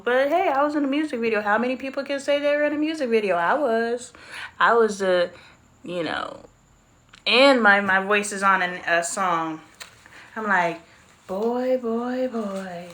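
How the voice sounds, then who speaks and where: A woman in her forties chatting candidly on a casual livestream. She has a middle-pitched voice and tells her stories in a loose, talkative way. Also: a bit bright. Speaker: livestream host. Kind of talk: casual live-stream chat.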